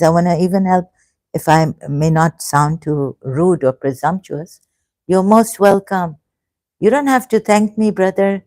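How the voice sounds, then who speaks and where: Slow, low-voiced woman in her fifties. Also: a little mellow, dry recording. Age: 50s. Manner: hesitant, halting, many fillers and restarts; emotional, effusively grateful. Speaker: livestream host. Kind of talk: casual livestream chat reading comments.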